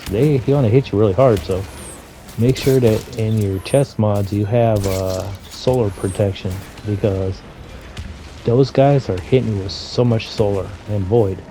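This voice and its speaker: A man's voice: lowish voice, dark tone. A man giving casual, rambling commentary over video game footage, full of "you know" fillers and mild griping. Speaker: gameplay commentator.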